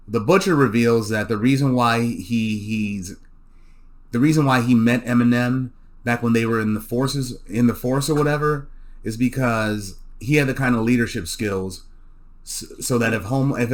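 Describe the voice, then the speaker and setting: Man casually recapping a TV episode. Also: mid-range voice. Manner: loose, repeats words and restarts, laughs at jokes. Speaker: show recapper.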